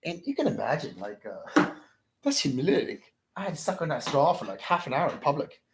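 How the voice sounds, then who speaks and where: A man's voice: on the high side, big pitch swings, fairly quick, slightly rough. A man telling a rambling, profane story to his livestream viewers, ending his sentences with "man" and insisting it all really happened. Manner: insists his stories are true. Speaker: livestream host.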